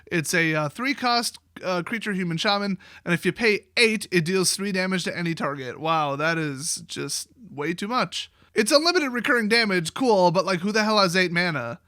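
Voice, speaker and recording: A man with a high, bright voice rants about cards with biting sarcasm and open exasperation. He swears freely and mocks what he reviews. The sound is close and dry, with no room around it. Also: expressive, normal speed, few pauses, no echo. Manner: sarcastic, exasperated, profane ranting. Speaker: card game video host. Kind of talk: sarcastic card review rant.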